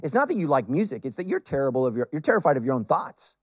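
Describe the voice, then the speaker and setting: Middle-aged man, pastor preaching a sermon, repeats phrases for emphasis, loud peaks then hushed lines, dry close sound. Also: medium pitch, very animated, quick pace, no room sound. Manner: swings between loud emphatic peaks and quiet intimate lines.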